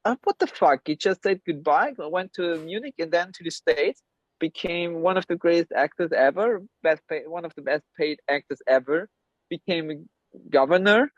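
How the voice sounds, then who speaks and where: The voice is a man's, fairly high in pitch and moderate in pace, recorded dry with no room sound through a video call. German is his first language; he's a men's coach guesting in a casual interview, rambling with energy, speaking bluntly and swearing without hesitation.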